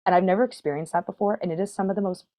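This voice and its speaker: A woman's voice: mid-range voice, racing, dark tone. A woman from the American South, a burlesque performer chatting as a podcast guest, chatty and self-deprecating, laughing often. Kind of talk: casual chat.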